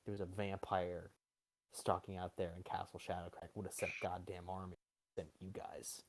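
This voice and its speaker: A man voicing a stern male Beastmaster who gives quests, speaking low and gravely. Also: little pitch movement, moderate pace, no echo.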